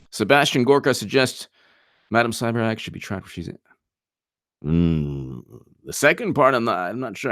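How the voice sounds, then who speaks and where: A man hosting casual live political commentary, sarcastic and animated, often restarting mid-sentence. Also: mid-range voice, no echo, studio quality.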